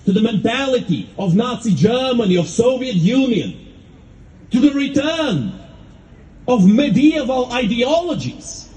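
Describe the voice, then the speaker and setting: Fervent high-voiced man giving a speech. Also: very animated, a little mellow, low-quality recording. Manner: fervent, rhetorical, emphatic with dramatic pauses. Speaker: speaker at a rally. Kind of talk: impassioned public speech.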